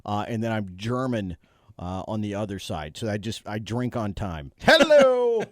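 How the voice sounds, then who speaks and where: A man's voice: lowish voice, normal speed, a little mellow, dry recording. Jokey male radio host, dry sound. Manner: jokey, self-mocking. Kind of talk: casual sports radio banter. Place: radio studio. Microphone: studio microphone.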